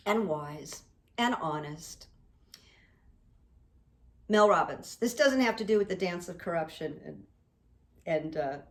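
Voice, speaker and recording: A middle-aged woman hosting her own video channel, talking in a rambling, earnest way to camera and reading quotes out slowly. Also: medium pitch. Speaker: psychic coach and YouTube host. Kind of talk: casual to-camera monologue.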